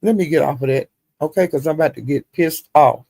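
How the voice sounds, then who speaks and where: A man's voice: fairly high pitch, brisk, gravelly, dry recording. A man hosting a livestream, retelling drama in casual, profane, drawling gossip commentary. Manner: animated, profane, drawling storytelling. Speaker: livestream host.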